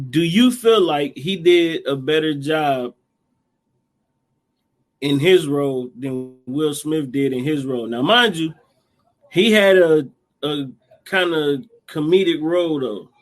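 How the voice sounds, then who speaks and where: A man with a notably high voice riffs in animated slang. He sounds mock-outraged as he jokes, then turns to asking his co-host questions. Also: slow pace, long pauses. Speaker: podcast co-host. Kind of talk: casual chat.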